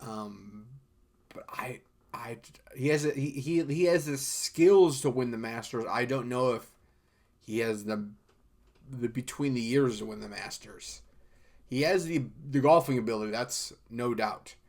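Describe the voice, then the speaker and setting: A man's voice: medium pitch, a little slow, a little mellow. A man hosting a golf podcast alone, talking loosely and rambling, with frequent fillers and restarts. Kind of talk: casual solo podcast chat.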